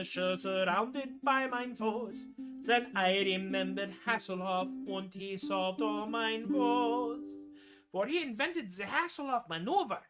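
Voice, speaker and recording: A woman's voice: mid-range voice, natural voice. Bavarian-accented tavern balladeer, boastful and rowdy, half-sung over guitar, put on by a woman.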